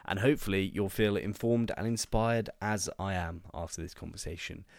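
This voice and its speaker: A man with a notably low voice hosts a casual podcast interview while fighting a cold. His tone is stuffed-up and nasal, and he keeps things chatty and upbeat. The sound is dry and close to the mic. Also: normal speed, gravelly, no room sound. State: congested with a cold. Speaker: podcast host.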